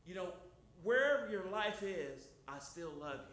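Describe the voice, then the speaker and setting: A man's voice: high voice, sing-song, measured pace. Folksy preacher man in an echoey hall. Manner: folksy and emphatic, swings loud and soft. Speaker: pastor. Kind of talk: informal sermon. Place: church hall. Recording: very echoey room, faint noise.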